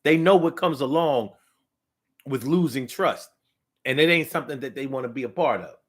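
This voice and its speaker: A man's voice: medium pitch, normal speed. A man giving a casual spoken monologue to his viewers, emphatic and repeating phrases for effect. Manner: talks straight to the audience. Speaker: vlogger.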